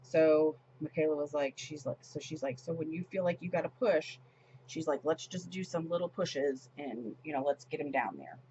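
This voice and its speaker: A woman's voice: low voice, normal speed, mellow, dull audio, a little hiss or hum. A woman in her forties chatting casually as she decorates her planner, retelling a story with lots of fillers and restarts. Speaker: planner vlogger.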